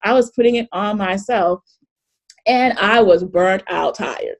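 A middle-aged woman hosting a live online workshop over a video call, chatty and animated, often laughing and reading chat comments aloud. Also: mid-range voice, measured pace. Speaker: coach and webinar host.

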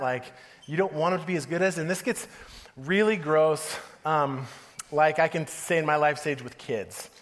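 A man in his thirties giving a casual, joking sermon, often laughing as he talks. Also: a little high. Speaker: pastor. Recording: long hall reverb.

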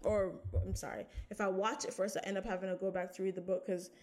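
A woman co-hosting a podcast in casual chat, animated, laughing often and swearing casually. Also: medium pitch, fast. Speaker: podcast co-host.

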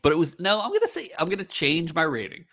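A man's voice: a little high, wildly swooping pitch, fast, a bit bright. A man hosting a casual whiskey tasting podcast, thinking aloud as he settles on his ratings. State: has the hiccups. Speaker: podcast host.

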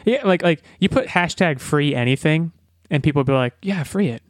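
A young man co-hosting a podcast in casual chat, rambling and breaking off mid-sentence into animated asides. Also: fairly high pitch, a little fast, no room sound, studio quality. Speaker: podcast co-host.

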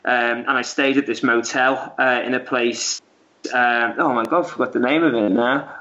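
A man's voice: medium pitch, fairly even intonation, moderate pace, bright, forceful tone. A man, a guest, telling a story in a casual, rambling way with lots of fillers and restarts. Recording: dull lo-fi audio.

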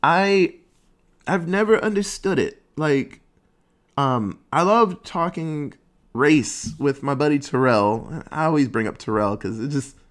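A man giving a casual, rambling monologue, cursing freely and animated as he talks. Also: a little high, a little slow.

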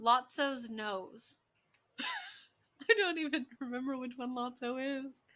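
A woman's voice: high-pitched, wildly swooping pitch, takes it slowly, pushed and bright. A woman in her thirties co-hosting a casual game chat, giggly and self-mocking. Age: 30s. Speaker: co-host.

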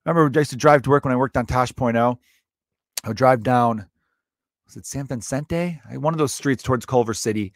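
A man's voice: medium pitch, fairly quick, no echo. Guy in his 30s doing a comedy podcast, swears a lot, loose and joking, dry close mic. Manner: loose, profane and jokey, many fillers. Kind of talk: comedic storytelling monologue.

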